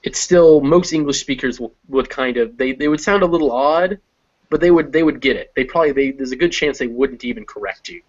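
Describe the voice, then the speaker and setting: Male English teacher, mid pitch, explains slowly with thinking pauses; slightly dull recording. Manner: explains step by step, pausing to think with many ums. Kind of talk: conversational language lesson.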